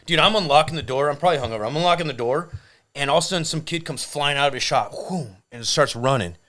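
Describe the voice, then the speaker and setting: A man, telling tattoo shop stories in casual chat, loud and profane when acting out quotes. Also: a little high. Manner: fast, profane storyteller with loud acted-out quotes. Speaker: tattoo artist.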